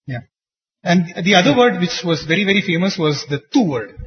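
A man's voice: sits high, lively intonation, brisk. A man giving an earnest, explanatory teaching talk to a group on devotional singing, chuckling over anecdotes. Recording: dull recording in a reverberant hall.

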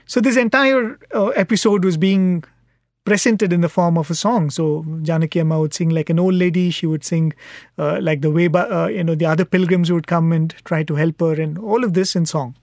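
A man giving a devotional talk, telling a story in an earnest, unhurried way. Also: a little high, no echo, clean studio sound. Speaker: devotional speaker.

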